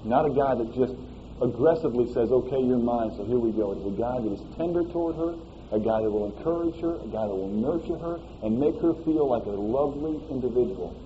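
A man preaching a sermon in a folksy, animated way, often asking "all right?" as he explains a scripture passage. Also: medium pitch, brisk, highs cut off, a little hiss or hum.

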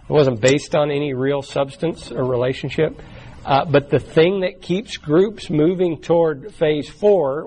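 A man's voice: a little high, darkish tone, low-quality recording. A man leading a church small group class in a casual, talky way, often restarting words and briefly acting out quoted voices, recorded in a room with the group. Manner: acts out quoted voices in short bursts. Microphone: taped from the room.

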